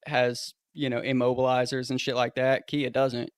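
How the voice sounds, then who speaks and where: A man's voice: medium pitch, little pitch movement, normal speed, clean tone, no room sound. A man co-hosting a casual podcast chat, explaining things plainly and matter-of-factly, with casual swearing. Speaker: podcast co-host.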